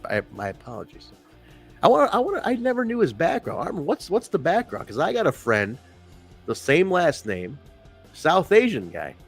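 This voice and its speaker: A man's voice: a little high, huge pitch swings, moderate pace, vocal fry, breathy edge, soft background music. A man co-hosting a casual wrestling review podcast, talking in a rambling, profane way and laughing often. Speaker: podcast co-host.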